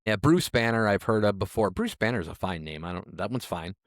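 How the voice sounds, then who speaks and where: A man's voice: fairly low pitch, animated, a little fast, no room sound, clean studio sound. A man co-hosting a podcast in casual chat, reading out odd names and adding wry asides. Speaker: podcast co-host.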